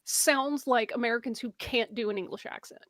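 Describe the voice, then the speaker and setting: A woman's voice: a little high, fairly quick, fairly bright tone. A woman co-hosting a reaction stream, chiming in with brief, dry remarks in casual chat. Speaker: co-host.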